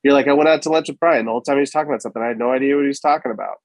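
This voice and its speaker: A lively man argues his case in casual talk, firing off rhetorical questions and acting out what other people say. His voice sits at a middling pitch for a man. The sound is close and dry. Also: racing, no echo. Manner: animated, rhetorical, acts out quoted people. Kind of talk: casual conversation.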